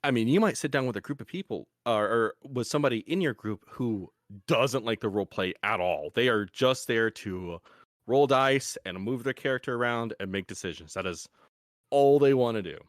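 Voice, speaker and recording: A man's voice: mid-range voice, animated, moderate pace, dry recording, clean studio sound. A young man hosting a podcast, explaining in a casual, rambling way with frequent restarts. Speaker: podcast host.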